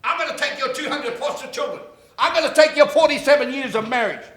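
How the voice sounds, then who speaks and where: Grand calm voice of God, told by a New Zealand man, bright and raised. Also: extremely high pitch, quick pace, echoey room, pitched above the performer's own voice. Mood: solemn. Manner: solemn, building lists.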